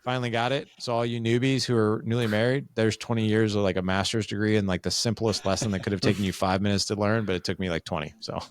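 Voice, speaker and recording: A man in his forties, a podcast guest, telling personal stories in a candid, animated way and acting out what he once said. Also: lowish voice, quick pace, few pauses, no echo, studio quality. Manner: animated, acts out his own past quotes. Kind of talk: candid conversational storytelling.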